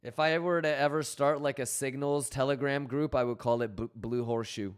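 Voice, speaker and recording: Smooth and medium-pitched, this male livestream host talks briskly with fairly even intonation. In a casual chat, he jokes around with profanity, reads viewer messages out loud, and enthusiastically greets people by name.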